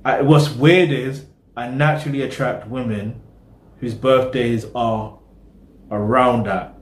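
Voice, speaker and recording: A man's voice: medium pitch, steady tone, takes it slowly, echoey room. A man hosting a reaction video, rambling casually in slang and talking straight to his viewers.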